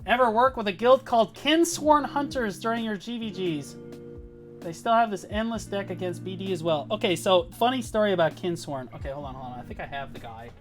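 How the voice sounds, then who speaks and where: A man's voice: high voice, expressive, brisk, soft background music. Profane, rambling male streamer. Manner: profane, rambling, boastful storytelling. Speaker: guild leader streaming. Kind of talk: casual livestream chat.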